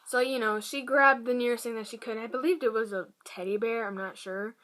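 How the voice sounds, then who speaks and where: A woman vlogger telling a personal story to camera in a halting, hushed way, often dropping to a whisper. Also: on the high side, fairly even intonation. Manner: many fillers and restarts.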